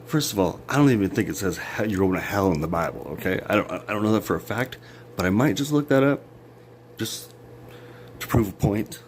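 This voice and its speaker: A man's voice: lowish voice, expressive, brisk, a little hiss or hum. A man ranting into his phone or camera in a rambling, sarcastic monologue, swearing a lot and breaking into laughs. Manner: profane, sarcastic, jumpy rants with sudden laughs. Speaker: vlogger.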